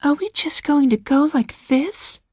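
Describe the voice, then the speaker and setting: Man doing a young society woman, high airy voice, breathy, drawn-out slow lines, dry sound. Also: lively intonation, no room sound. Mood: pleading. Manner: breathy, sighing, half-whispered. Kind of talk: audiobook character voice.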